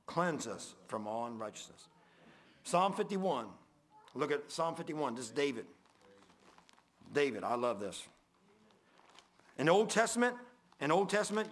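A man preaching a sermon in a folksy way, swinging from loud, high emphasis to low, quiet confession.

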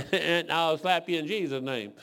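A man's voice: fairly high pitch, measured pace, gravelly, a bit bright. A man in his sixties from Detroit, preaching a folksy sermon full of rambling, joking stories. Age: 60s.

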